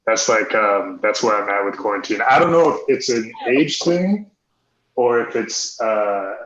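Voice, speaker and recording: A man's voice: lowish voice, lively intonation, unhurried, a bit bright, a little hiss or hum. A man doing a hesitant, self-deprecating stand-up set full of ums. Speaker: stand-up comic. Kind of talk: stand-up set on a live stream. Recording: echoey room, dull lo-fi stream audio.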